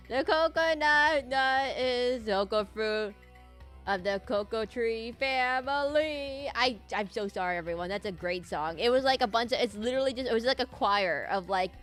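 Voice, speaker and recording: A woman streaming a game, rambling goofily with frequent laughs and hummed snippets. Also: mid-range voice. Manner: goofy, rambling, giggly, hums and sings snippets. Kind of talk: casual gameplay commentary.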